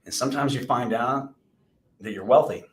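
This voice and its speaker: A man's voice: mid-range voice, moderate pace. Man telling a rambling story. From Texas. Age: 40s. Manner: rambling, self-deprecating storyteller with many restarts. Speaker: podcast co-host, insurance agency owner. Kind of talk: casual chat and storytelling. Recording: roomy echo.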